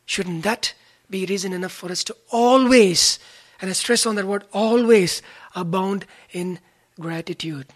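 Husky-voiced preacher. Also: mid-range voice, steady tone, moderate pace, fairly bright tone. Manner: earnest, repeats key phrases for stress; cites chapter and verse. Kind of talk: sermon.

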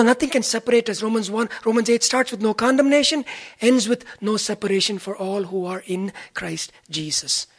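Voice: mid-range voice, slightly rough. A preacher giving an earnest sermon, citing chapter and verse and repeating key phrases for stress.

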